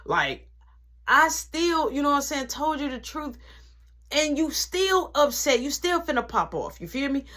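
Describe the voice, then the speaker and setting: A woman's voice: high-pitched, unhurried. A woman vlogger retelling a family story in slangy casual speech, acting out the people in it. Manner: slangy, animated, acts out quotes.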